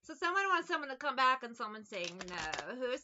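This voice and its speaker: High, bright-voiced blunt woman. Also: sing-song, brisk, lo-fi sound. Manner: blunt, profane and mocking. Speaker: tarot reader. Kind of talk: casual tarot reading.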